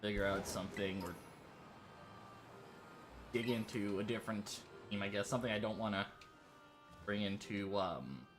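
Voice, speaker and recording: A man's voice: lowish voice, normal speed, pauses often, over music. A tired man streaming a game, rambling with lots of fillers and restarts, drifting into a put-on British-sounding accent. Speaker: livestreaming gamer. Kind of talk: casual gameplay commentary.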